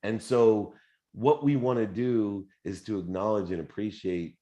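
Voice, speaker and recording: A very deep, low-pitched man in his fifties runs a live motivational Q&A. He talks in an animated, conversational way and drops in fillers as he goes. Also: measured pace, dull audio. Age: 50s. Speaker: host.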